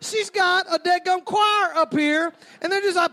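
High-voiced stand-up comic. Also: male voice, a little slow. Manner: animated, mimics sounds and crowds. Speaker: stand-up comedian. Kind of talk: stand-up storytelling.

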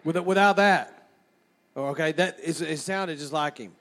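A man preaching a sermon, praying and then telling a lively story from his childhood, acting out the scenes as he goes. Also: on the high side, a little slow.

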